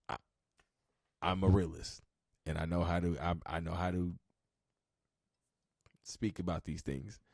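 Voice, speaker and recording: A man's voice: low-pitched, dry recording. A man hosting a podcast, giving casual, laid-back reaction commentary, cursing and laughing a lot. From Southern California. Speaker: podcast host reacting to a clip.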